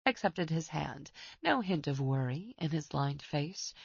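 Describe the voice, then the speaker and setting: A woman narrating a suspense audiobook in a steady, even reading. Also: deep voice, measured pace, gravelly, slightly rough, dry recording, highs cut off. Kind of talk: scripted narration.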